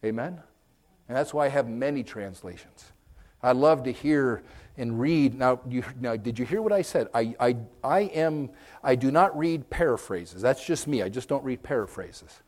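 A man preaching a conversational sermon, folksy and direct with his listeners, swinging from loud emphasis to hushed, whispered moments. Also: mid-range voice, animated, moderate pace. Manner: folksy, direct, addresses listeners with okay and amen.

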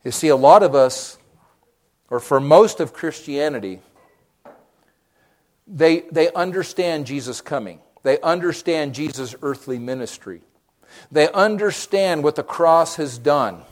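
Pastor, male, high voice, sermon delivery that swings from hushed to loud, questions the congregation. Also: expressive, measured pace. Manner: preaching, swinging from quiet to loud.

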